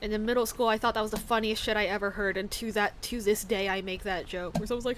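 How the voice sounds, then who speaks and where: A woman's voice: medium pitch, fairly even intonation, fast, hardly any pauses, very noisy. A young woman streaming a game, chatting casually and telling rambling jokes to herself as she plays. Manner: rambling, jokey, talks to herself while playing. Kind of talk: casual gameplay chat.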